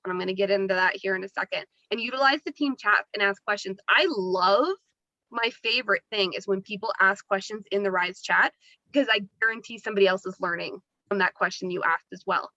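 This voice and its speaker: Bright, chatty woman leading a team call. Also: medium pitch, no echo, dull audio. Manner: upbeat, chatty, talks with her hands. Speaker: team leader training new members. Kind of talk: Zoom team training call. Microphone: laptop mic on video call.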